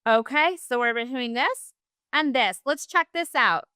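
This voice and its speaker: A high, bright woman teaching online with a lilt. Her voice is clear and smooth, recorded dry and close. She keeps an upbeat, encouraging tone throughout. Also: measured pace, no room sound. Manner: upbeat, encouraging, uses "y'all". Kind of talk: virtual class lesson.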